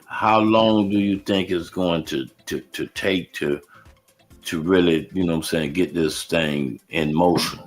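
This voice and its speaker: Very deep-voiced man, halting co-host. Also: soft background music. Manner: halting, agreeing, restarts questions. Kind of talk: casual streamed talk show.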